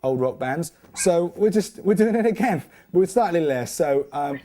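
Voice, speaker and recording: A man's voice: fairly high pitch, expressive, normal speed. Jokey man teaching guitar. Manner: jokey, chatty, counts and scats rhythms aloud. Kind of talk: casual guitar lesson. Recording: loud guitar playing under the voice.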